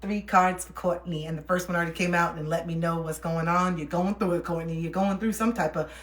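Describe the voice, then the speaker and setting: A woman's voice: fairly low pitch, steady tone, a little fast. A young woman chatting casually on a livestream while reading cards for viewers, laughing often and soothing when she reassures. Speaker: livestream card reader. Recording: roomy echo.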